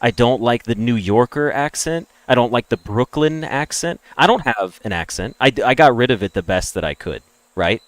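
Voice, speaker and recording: A man with a General American accent from the Deep South, streaming and ranting bluntly, swearing freely. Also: lively intonation, moderate pace, dry recording. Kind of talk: casual livestream rant.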